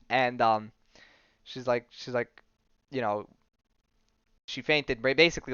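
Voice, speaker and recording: A man's voice: mid-range voice, moderate pace, long pauses, sharp tone, smooth, no room sound, dull audio. A man hosting a podcast, casually retelling a comic storyline, quoting the characters and laughing often. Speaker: podcast host.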